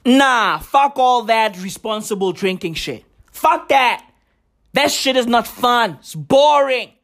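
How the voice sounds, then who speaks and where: A woman's voice: on the high side, expressive, a bit bright. A woman delivering a profane, sarcastic comedic rant full of slang and mock gratitude. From South Africa. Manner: profane, slangy, mock-grateful, drawn-out emphasis.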